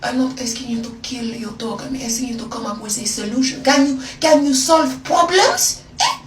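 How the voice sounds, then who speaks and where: A woman's voice: sits high, big pitch swings, normal speed, distant mic, voice pushed up. A woman doing a put-on French accent, playing an exaggerated, sassy version of herself, in an echoey, noisy room away from the mic. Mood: mocking. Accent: fake French.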